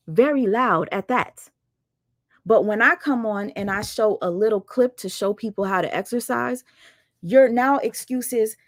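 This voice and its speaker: A woman's voice: fairly high pitch, no echo, studio quality. A woman hosting her livestream, calling someone out in a blunt, sarcastic, fired-up casual rant. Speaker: livestream host.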